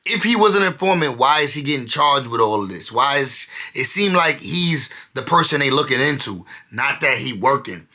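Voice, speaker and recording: A man giving animated, slang-heavy commentary while reading from court documents. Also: medium pitch, normal speed, few pauses. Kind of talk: casual commentary.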